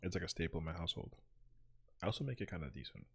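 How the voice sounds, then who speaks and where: A man's voice: low voice, lively intonation, very fast, creaky, slightly rough. A young man streaming a game, chatting casually and rambling with lots of "like" fillers. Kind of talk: casual chat while gaming.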